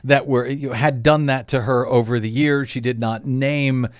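In a clear, resonant mid-range voice with a steady tone and moderate pace, a radio host reads lawsuit details on his talk radio news commentary show. He mixes in wry asides and frequent fillers, and the studio recording has no echo.

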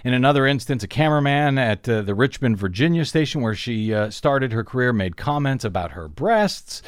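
A man's voice: mid-range voice, lively intonation, brisk, no echo, clean studio sound. A man hosting a talk radio show, reading out lawsuit details with wry asides and frequent fillers. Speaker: radio host. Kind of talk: talk radio news commentary.

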